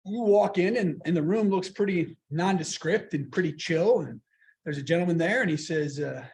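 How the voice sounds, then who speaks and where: A middle-aged man giving a storytelling speech at a club meeting, lively and anecdotal, acting out the people in his stories. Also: high voice, moderate pace. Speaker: guest speaker. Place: meeting room.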